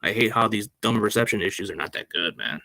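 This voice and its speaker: Gravelly, bright-voiced guy host. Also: on the low side, quick pace, dry recording. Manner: rambling, slangy, addresses listeners as man and dude. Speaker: sports podcast host. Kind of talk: casual chat. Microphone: laptop microphone.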